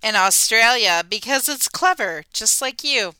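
A woman's voice: fairly high pitch, expressive, unhurried, pushed and bright, smooth, no room sound. A woman co-hosting a podcast, adding short, playful remarks. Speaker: podcast co-host. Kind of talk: casual chat.

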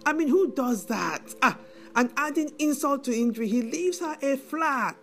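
A woman's voice: high voice, animated, normal speed. A middle-aged woman with a Nigerian accent playing a bitter, wounded widow in a film drama, given to indignant "eh?"s. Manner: indignant, tearful, repeats "eh?". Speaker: widowed mother.

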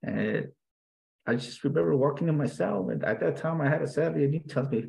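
A man with a gravelly, creaky voice at a middle pitch tells a personal story as an interview guest. He speaks earnestly and reflectively, stumbling through restarts and filler words as he searches for what to say. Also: lively intonation, dark tone, poor audio. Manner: halting, with many restarts and fillers.

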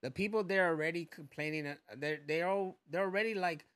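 A man's voice: a little high, brisk, hardly any pauses. A young man co-hosting a casual podcast, talking in a joking, loose way. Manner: joking, animated, slips into put-on voices. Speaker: podcast co-host.

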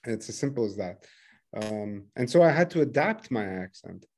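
A man's voice: fairly low pitch, very animated, moderate pace, a little mellow. Chatty Quebecois man hosting. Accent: Quebecois French. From Quebec, Canada. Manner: chatty, laughs often, switches between English and French. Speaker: podcast host. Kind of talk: casual interview chat.

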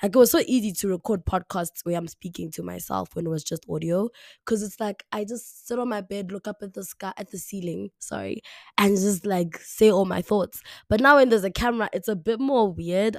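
A young woman from South Africa hosting a podcast alone, talking casually with lots of "like" fillers, her voice hoarse, slightly raspy and deeper after the flu. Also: brisk, darkish tone, no room sound, studio quality. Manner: chatty, repeats herself, many "like" fillers. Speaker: podcast host. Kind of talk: casual solo podcast talk. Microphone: camera mic, alone indoors.

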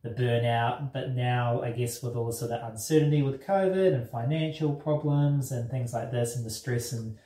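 A man's voice: medium pitch, steady tone, normal speed, few pauses, dark tone. New Zealand man in an echoey room. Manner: rambling, searching for words with many fillers. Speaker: mental health nurse. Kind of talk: conversational interview. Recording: echoey room, mic at a distance.

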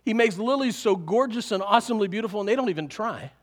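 High-voiced man preaching a sermon. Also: fast talker. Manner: animated preaching with chuckles. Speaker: pastor.

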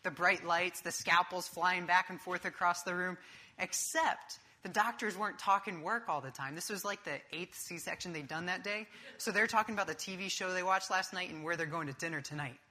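A young man preaching a sermon, telling a personal story in a vivid, animated way. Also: high-pitched, moderate pace.

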